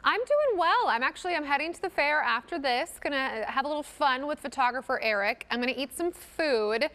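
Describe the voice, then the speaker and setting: A woman co-hosting a morning TV show, upbeat and warm, chatting and reading entertainment news. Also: high voice, lively intonation, brisk. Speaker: TV co-host.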